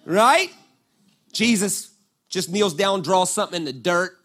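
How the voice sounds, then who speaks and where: A man preaching a sermon, telling a Bible story with lively acted-out quotes and frequent "right?" asides to the congregation. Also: sits high, moderate pace. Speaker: pastor.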